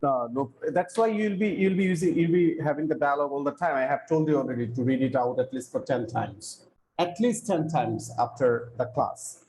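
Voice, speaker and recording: A man's voice: medium pitch, moderate pace, a little mellow, a little hiss or hum, poor audio. A man teaching an online English class, explaining patiently and repeating key phrases. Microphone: video call.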